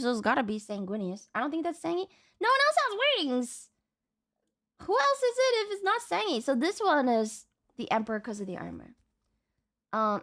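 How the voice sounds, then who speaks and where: A young woman streaming a casual live reaction, excitable, swearing and thinking aloud. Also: sits high.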